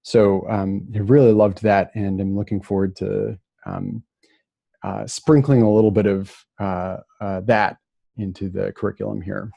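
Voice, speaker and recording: A man from Minnesota giving a relaxed, casual lecture remotely, with plenty of fillers and restarts. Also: lowish voice, unhurried, gravelly, husky, no room sound, muffled recording.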